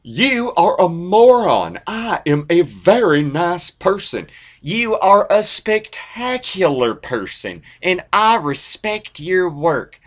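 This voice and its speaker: A sugary, high-pitched male TV host who drawls out gentle compliments, bright and forceful in tone, as a man puts him on. The delivery is slow and sing-song. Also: big pitch swings, full character voice. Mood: saccharine. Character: gushing high-voiced TV host man, overly sweet.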